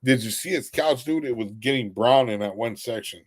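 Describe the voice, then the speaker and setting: A man's voice: mid-range voice, brisk. Tired young man trash-talking on a stream. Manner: crude, mocking trash talk, often laughing; reads viewer comments aloud. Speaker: livestream host. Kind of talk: casual livestream chat.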